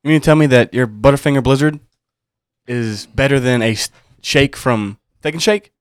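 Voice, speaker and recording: A man's voice: medium pitch, moderate pace, clean tone, dry recording, studio quality. A man on a podcast, teasing and crude, arguing his points with the others. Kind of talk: casual podcast banter.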